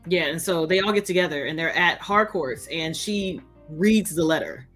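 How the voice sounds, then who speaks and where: An expressive woman co-host recounting TV scenes in a casual chat, her voice fairly low for a woman. She tells the story with feeling and laughs often. Faint music sits behind her. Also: normal speed. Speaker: podcast co-host. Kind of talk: casual chat reviewing a TV episode.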